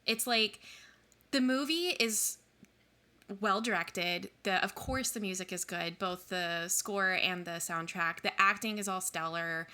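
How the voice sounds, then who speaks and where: A woman in her thirties co-hosting a podcast, chatting in a relaxed, reflective way with plenty of fillers. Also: medium pitch, measured pace. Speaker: podcast co-host. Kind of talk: casual chat.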